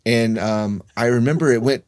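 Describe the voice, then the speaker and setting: A man's voice: mid-range voice, moderate pace, a little mellow. A man in his fifties, a guest in a casual interview, telling stories in a rambling way with frequent restarts. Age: 50s.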